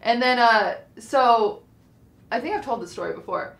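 A young woman co-hosting a podcast, telling a casual story in an animated way and acting out the quoted lines. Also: fairly high pitch, moderate pace, vocal fry, slight background noise. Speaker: podcast co-host. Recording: roomy, echoey sound.

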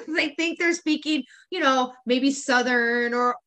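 A woman's voice: high-pitched, takes it slowly, heavy background noise. A woman co-hosting a podcast, ranting casually in an exasperated way, with frequent laughter and swearing. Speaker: podcast co-host. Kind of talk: casual chat.

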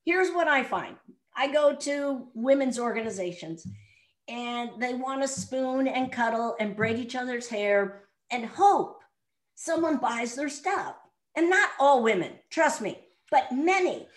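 A woman's voice: high-pitched, expressive, a little slow. A middle-aged woman, a sales coach and podcast guest, speaking bluntly and directly in an interview. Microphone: remote audio call. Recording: echoey room sound.

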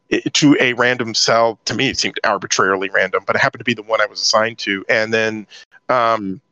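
A man's voice: medium pitch, sharp tone, no room sound. A middle-aged man from southern California, telling his life story as an interview guest and acting out his own past lines. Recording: dull dry lo-fi audio.

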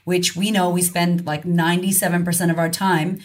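A woman's voice: fairly low pitch, level tone, brisk. A woman confidence coach, a guest in a casual podcast conversation, talking frankly and emphatically and swearing casually.

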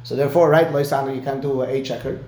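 A man's voice: mid-range voice, steady tone, rapid-fire, a little mellow, roomy sound, slight background noise. A man giving a one-on-one Talmud lesson, explaining step by step and often checking in with "right?". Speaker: Talmud teacher.

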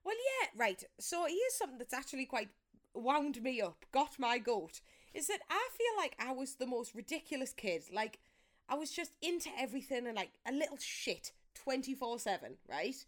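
A woman's voice: high voice, very animated, moderate pace. A young woman, co-hosting a podcast in casual, jokey chat and laughing often. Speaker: podcast co-host.

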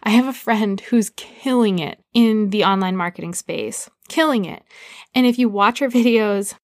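A woman's voice: medium pitch, moderate pace, no echo, clean studio sound. A woman hosting her own podcast, giving business advice in a casual, conversational way with lots of "like". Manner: conversational, frequent "like", upbeat coaching tone. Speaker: podcast host.

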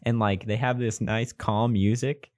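A young man co-hosting a podcast, chatting casually with quick, teasing asides. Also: fairly low pitch, steady tone, darkish tone, dry recording. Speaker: podcast co-host. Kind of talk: casual chat.

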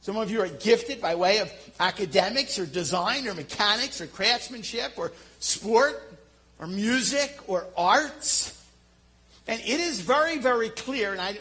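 A middle-aged man with a Philadelphia accent preaching a sermon, telling self-deprecating stories in an animated way. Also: sits high, low-quality recording. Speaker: pastor.

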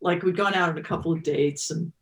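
A woman's voice: on the low side, steady tone, a little fast. A woman in her fifties telling a personal story as an interview guest, reflective and emotional, with many restarts.

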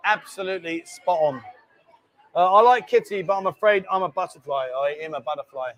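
A man's voice: high-pitched, fairly quick, a bit bright. A man, hosting a casual live stream and bantering as he reads out viewer comments. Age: 50s. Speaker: host.

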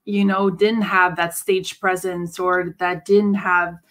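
A woman's voice: fairly low pitch, level tone, slow pace, fairly bright tone. A woman co-hosting a casual faith podcast, chiming in supportively with her own examples. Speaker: podcast co-host.

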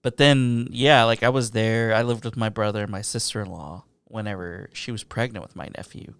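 Relaxed male podcast guest, gravelly fry, low-pitched, dry close sound, drops to whispers. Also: normal speed, dry recording. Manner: laid-back, drops to quiet whispers for asides. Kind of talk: casual chat.

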